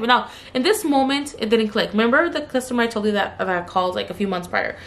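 A young woman tells a story from her job in a loose, chatty way. She drops the odd curse and speaks straight to her viewers. When she acts out what someone said, her pitch jumps up. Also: fast talker. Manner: animated, acts out the customer's lines with raised pitch; swears casually, addresses viewers as "you guys". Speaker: beauty vlogger telling a story. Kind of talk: casual storytime while doing makeup.

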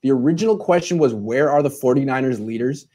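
A man's voice: medium pitch, lively intonation, quick pace, dark tone, slightly rough. A man hosting a sports podcast panel, handing out turns and giving his own easygoing take. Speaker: podcast host. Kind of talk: sports talk show.

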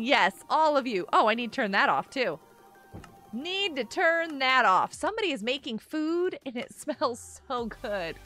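Woman streamer, very high bright voice, giggly and lively, chatty with viewers, soft music underneath. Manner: bubbly, giggly, reads chat aloud. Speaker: live streamer. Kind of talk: casual live-stream chat. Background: faint music.

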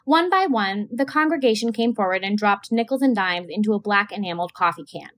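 A woman teacher reading a novel aloud to a class with a steady, clear delivery. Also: mid-range voice, fairly quick.

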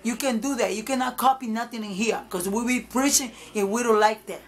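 A woman's voice: a little high, a little fast, soft background music, natural voice. A woman imitating a hostile, scolding young man who preaches on the street.

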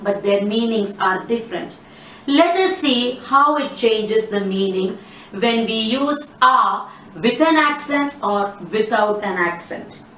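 Female language teacher, slow and methodical, set back from the mic. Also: medium pitch, fairly bright tone, distant mic. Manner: slow, careful explaining with hesitant phrasing. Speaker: French teacher. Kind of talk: explanatory online lesson. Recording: echoey room, voice set back from the mic, faint background noise.

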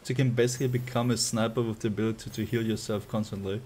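A man's voice: fairly low pitch, steady tone, very fast, darkish tone, slight background noise. A man streaming live gameplay, playfully chatting with viewers and laughing often.

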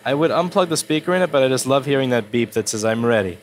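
A man's voice: medium pitch, expressive, fast talker, slight background noise. A man with a stuffy cold walking through a circuit board repair at his workbench, blunt and swearing when annoyed. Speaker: repair technician. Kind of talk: casual repair walkthrough.

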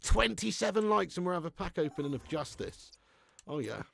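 Sweary gaming streamer, chatty. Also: male voice, fairly high pitch, lively intonation, a little fast, vocal fry. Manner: swearing, laughing, rambling banter with chat. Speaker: streamer reading chat. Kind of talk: casual live-stream chat.

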